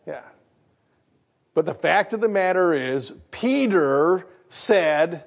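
A man from Michigan, a pastor preaching a sermon, animated and putting questions to his congregation. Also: fairly high pitch, slow, vocal fry. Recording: dull lo-fi recording.

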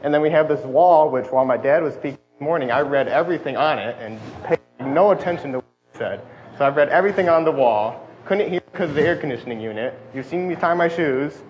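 A young man preaching a sermon into a lapel mic, fast-talking and self-deprecating, in a church hall. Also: a little high, soft background music. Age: young adult. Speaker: student preacher. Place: church hall with air conditioning. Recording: dull lo-fi audio with faint hum. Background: faint air conditioning hum.

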